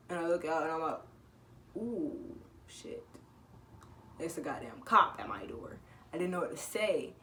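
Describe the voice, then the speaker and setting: A teenage girl telling a casual storytime, animated, laughing and swearing as she acts out what people said. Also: sits low, distant mic, slight background noise. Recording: echoey room with faint ambience.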